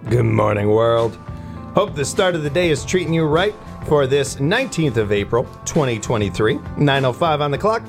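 A man hosting a morning radio show in a relaxed, chatty, rambling way from a studio. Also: medium pitch, moderate pace, music in the background. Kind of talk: casual radio chat.

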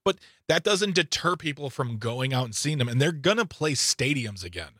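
A man's voice: normal speed, no echo. Playful male radio host, dry studio. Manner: animated, playful, wide swings in pitch. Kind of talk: casual radio chat. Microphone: studio microphone.

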